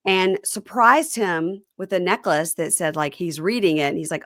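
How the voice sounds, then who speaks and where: A woman hosting a casual recap chat, chatty and quick to mimic people in silly voices. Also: lowish voice, fairly bright tone, no echo, clean studio sound. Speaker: podcast host.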